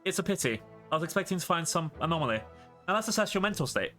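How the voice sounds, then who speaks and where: A man's voice: on the high side, big pitch swings, very fast, sharp tone, faint music behind. A man voicing an eccentric female scientist who is curious, blunt and matter-of-fact, reading game dialogue aloud. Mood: clinical.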